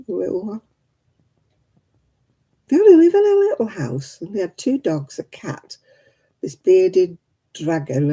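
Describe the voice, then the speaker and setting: A woman's voice: lowish voice, mellow, breathy edge. A tired woman, hosting a casual livestream and chatting with her viewers by name. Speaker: livestream host.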